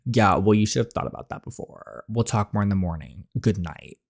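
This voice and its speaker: A man's voice: lowish voice, animated, brisk, gravelly. A man voicing a strict middle-aged father in a story game, lecturing sternly in close to his own voice.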